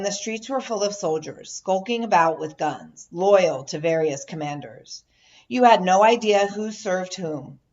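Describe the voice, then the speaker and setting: A woman reading a first-person memoir as an audiobook narrator, measured and steady, now and then raising her voice for quoted shouts. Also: fairly low pitch. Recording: dull lo-fi audio.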